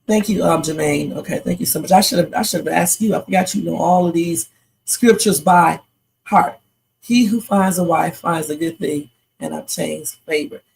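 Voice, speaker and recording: A fairly low female voice with vocal fry, a breathy edge, and a slightly mellow quality is heard on a low-quality recording. Sleepy and tired, she hosts a live reaction stream, rambling through casual commentary with preachy asides.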